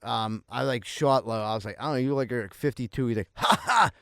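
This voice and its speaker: A man's voice: medium pitch, fast talker, creaky, clean tone, dry recording, clean studio sound. A man, co-hosting a podcast, telling stories in a brash, laughing casual chat. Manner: brash, swears, laughs often. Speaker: podcast co-host.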